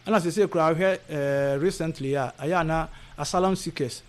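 A man's voice: on the high side, a little fast. A man from Ghana, a guest in a casual interview, talking with many hesitations and restarts.

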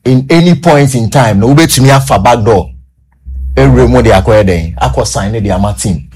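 A man's voice: mid-range voice, a little fast, a little mellow, breathy edge. Ghanaian man talking radio sports. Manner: mixes Twi and English, many fillers and restarts. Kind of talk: casual radio sports talk.

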